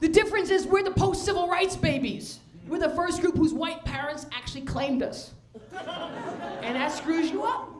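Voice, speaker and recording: A woman comedian telling a stand-up story, with laughing asides and shouted punchlines. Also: very high voice, normal speed.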